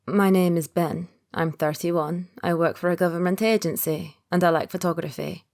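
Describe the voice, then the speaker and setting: A reserved man in his early thirties, guarded and soft-spoken in an audiobook romance, as a woman narrator reads him. The voice sits low and is steady, without theatrics. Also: lightly acted. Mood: quiet, earnest. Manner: quiet, guarded, opens up slowly. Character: reserved thirty-one-year-old man, secret agent. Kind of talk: audiobook character voice.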